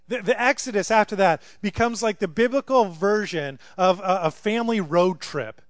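A pastor with a fairly high voice for a man delivers a sermon like he is telling a story. He talks conversationally and keeps asking the listeners rhetorical questions. The sound is dry and close, with no room echo. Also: lively intonation, brisk, few pauses.

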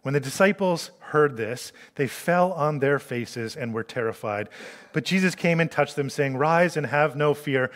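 A man preaching a sermon in an animated way, acting out the voices he quotes. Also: fairly high pitch, a little slow, long reverb tail.

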